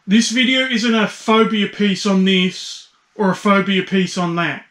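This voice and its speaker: A man's voice: sits high, fairly even intonation, unhurried, fairly bright tone, roomy sound. An Australian man delivering a blunt, profane and mocking comedic rant as a YouTube commentator.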